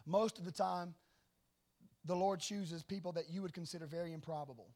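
A middle-aged man preaching a sermon and telling stories, swinging from hushed asides to loud declarations. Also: high voice, fairly even intonation, fairly quick. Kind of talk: sermon with storytelling.

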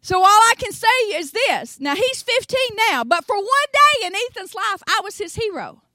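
An older woman with a Tennessee accent, preaching a sermon in an animated storytelling way, acting out voices and swinging between soft asides and loud exclamations. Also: extremely high pitch, moderate pace, no echo. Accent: Southern US, Tennessee.

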